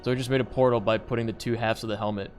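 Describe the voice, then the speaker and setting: A man's voice: medium pitch, fairly even intonation, very fast, soft background music. A man streaming a game, chatting casually and joking about what he sees. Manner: playful, joking, reacts to the game. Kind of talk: casual gameplay commentary.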